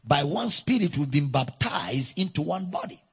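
A Nigerian man preaches with a husky, gravelly voice that rises high and swings widely in pitch. He drives his points home emphatically and calls on the congregation to repeat after him, and the sound carries a long echo from a church hall. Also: expressive, normal speed. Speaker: pastor. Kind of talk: sermon.

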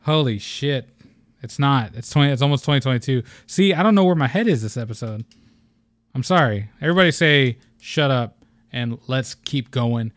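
A young man hosts his own podcast with a scatterbrained, excitable energy, rambling and swearing freely. His voice sits at an ordinary middle pitch. The sound is dry and close to the mic. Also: moderate pace, dry recording. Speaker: podcast host. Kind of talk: casual solo podcast chat.

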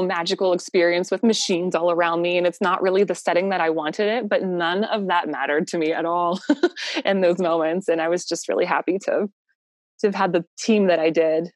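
A woman's voice: on the low side, fairly even intonation, moderate pace, no room sound. Chatty young woman, dry close sound. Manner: chatty and heartfelt, laughing often, with many fillers. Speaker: new mother telling her birth story. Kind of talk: casual personal storytelling.

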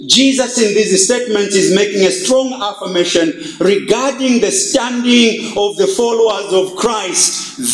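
A male pastor preaching a sermon, stressing key words with slow, drawn-out emphasis. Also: high voice, lively intonation, echoey room, low-quality recording.

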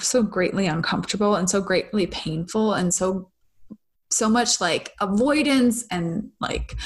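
Candid woman telling a personal story. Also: mid-range voice. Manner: confessional, swears freely, says "you guys" and "right?". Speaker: spiritual vlogger.

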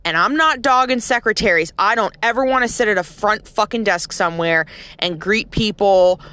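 A woman's voice: medium pitch, normal speed, sharp tone, smooth, no room sound. A woman who works as a nurse, ranting in a casual, blunt and profane way, with heavy sarcasm. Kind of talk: casual rant to camera.

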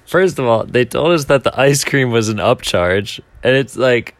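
A man's voice: medium pitch, lively intonation, moderate pace, dry recording. A young man telling a casual, self-mocking story, rambling along with filler words and restarts. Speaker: speaker telling a timed anecdote.

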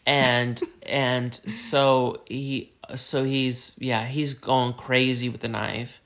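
A man co-hosting a podcast, retelling a story in casual chat and jumping into high squeaky voices for the characters. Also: unhurried, vocal fry, a bit bright. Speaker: podcast co-host.

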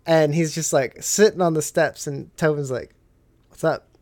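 A man's voice: fairly high pitch, normal speed. A man hosting a podcast who tells stories in casual chat, swearing often and laughing through the telling, heard over a video call. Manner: profane, laughing, animated storyteller. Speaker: podcast host.

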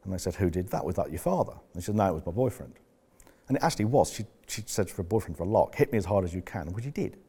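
A man's voice: low voice, animated, racing, mellow, slightly rough. A man coaching business members in a candid, rambling talk, swearing bluntly as he tells stories.

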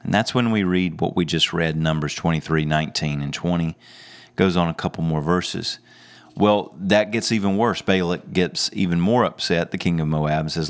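A male preacher giving a sermon, retelling a story with lively, amused storytelling. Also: low voice, normal speed. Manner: animated storytelling with chuckles.

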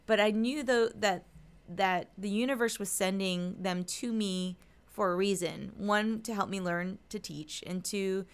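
A middle-aged woman co-hosting a spiritual podcast as a medium, telling a personal story in animated fashion and acting out the voices of the people in it. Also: medium pitch, unhurried, clear, resonant tone. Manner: animated storyteller, acts out quotes. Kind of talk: casual spiritual podcast chat.

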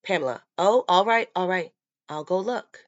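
A woman voicing a grieving middle-aged mother turned killer, soft-spoken and quietly menacing, in a dull lo-fi recording. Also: lowish voice, moderate pace, no echo, lightly acted. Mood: soothing.

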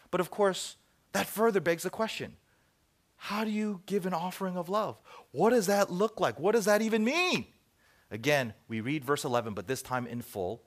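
Middle-aged male pastor, lively sermon delivery, mid-high voice with wide pitch swings, quiet asides. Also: moderate pace. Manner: animated storytelling, acts out dialogue, drops to soft asides.

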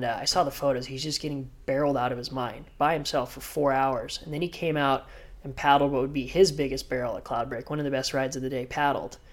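A man, a professional surfer, telling a story in a casual podcast interview and acting out what others said. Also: a little high. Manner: animated, vivid storyteller who acts out others' lines.

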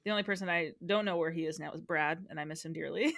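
A woman's voice: low-pitched, quick pace, gravelly, a bit bright, no room sound. A woman recapping a show in casual podcast chat, giggly, with dry jokes.

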